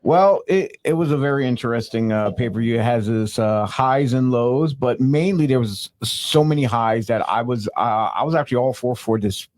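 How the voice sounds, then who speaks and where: A man acts as an analyst on a casual podcast, speaking at an ordinary mid pitch. He talks haltingly, leaning on fillers and repeating words as he restarts his sentences. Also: a little mellow. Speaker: wrestling analyst.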